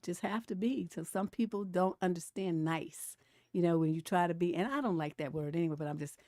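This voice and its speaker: A middle-aged woman hosting a livestream advice show, talking bluntly and profanely, swinging from mellow to heated and laughing between points. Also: lowish voice, dry recording, studio quality. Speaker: relationship coach hosting a livestream. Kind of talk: casual livestream advice talk.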